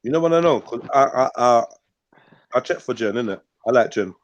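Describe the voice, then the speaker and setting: A man's voice: mid-range voice, lively intonation, fairly quick, dry recording, highs cut off. A man hosting a casual live-stream panel, talking in loose, slangy banter. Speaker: host.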